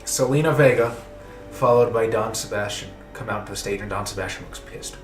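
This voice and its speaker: A man narrating as game master of a tabletop role-playing game, relaxed and joking. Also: fairly low pitch, fairly quick. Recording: roomy echo, faint music.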